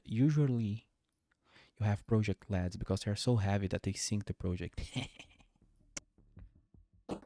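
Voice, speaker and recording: A man's voice: on the low side, a little slow, long pauses, mellow, no echo. A man from Brazil, sleepily rambling through casual gameplay stream commentary and cutting himself off mid-sentence. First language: Portuguese. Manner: rambling, self-interrupting, chatty. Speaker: game streamer. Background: faint game music.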